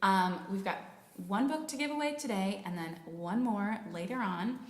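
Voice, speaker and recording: A young woman co-hosting a podcast, chatting in a bubbly, gushing way with quick asides. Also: medium pitch. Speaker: podcast co-host. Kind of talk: casual chat. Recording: roomy echo.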